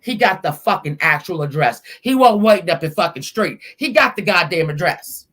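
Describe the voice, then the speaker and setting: Woman, angry live-stream rant, profane and scolding, shouts at times, talking from a car. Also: fairly low pitch, lively intonation, moderate pace.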